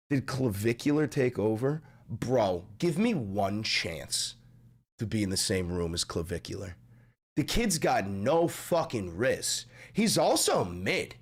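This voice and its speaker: A young man live-streaming in casual, profane chat, his voice deepened after a sickness, rambling and swinging from mumbles to shouting. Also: slow, breathy edge. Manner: animated, rambling, swears a lot, swings from mumbling to yelling.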